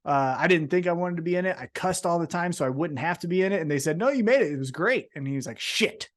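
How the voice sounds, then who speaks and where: A man's voice: a little high, lively intonation, quick pace. A man co-hosting a wrestling podcast, ranting with heavy swearing and mocking put-on voices. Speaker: podcast co-host. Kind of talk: profane ranting wrestling chat.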